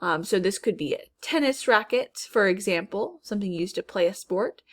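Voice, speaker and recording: A woman teacher leading a recorded spelling lesson, slowly repeating each word and sounding out its parts. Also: medium pitch, lively intonation.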